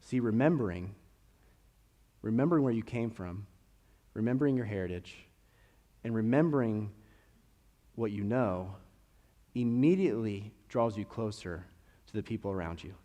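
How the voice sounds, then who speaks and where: A man's voice: on the low side, moderate pace, long pauses. A young man from Kentucky with a slight Kentucky accent, preaching a conversational sermon full of storytelling. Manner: storytelling, conversational with animated rises. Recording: long reverb of a church hall.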